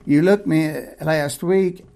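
A man's voice: a little high, fairly even intonation, slow pace, gravelly, warm tone. A man voicing an eager, earnest male villager healed of palsy, making urgent appeals.

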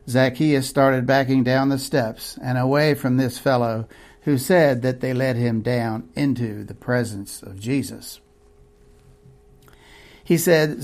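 A man's voice: mid-range voice, fairly even intonation, takes it slowly, darkish tone. A male preacher telling a vivid sermon story, acting out each scene.

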